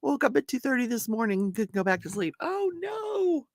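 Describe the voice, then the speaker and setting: A woman's voice: a little high, quick pace, creaky, dry recording, clean studio sound. An older woman hosting a casual home livestream, chatting and laughing as she greets viewers by name. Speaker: livestream host.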